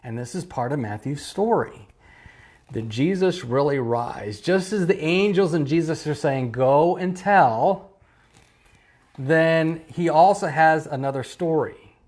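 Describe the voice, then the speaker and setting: A man's voice: on the high side, unhurried, darkish tone. A man, a pastor, preaching an online sermon with emphatic repetition and rhetorical questions. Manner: emphatic, repeating key phrases, rhetorical questions. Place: church, streamed online.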